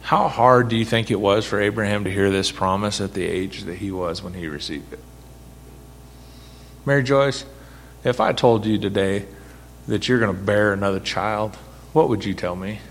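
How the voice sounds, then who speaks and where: A man's voice: lowish voice, normal speed, a little hiss or hum. A man leading a Bible study, talking conversationally, asking the group questions and repeating his points for emphasis. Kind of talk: interactive sermon teaching.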